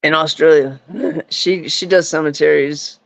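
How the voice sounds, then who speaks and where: A man's voice: on the high side, steady tone, measured pace, vocal fry, no echo. A man in casual chat as a podcast guest who rambles and fills his talk with "like" and "you know". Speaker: podcast guest, paranormal investigator. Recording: dull, lo-fi, dry.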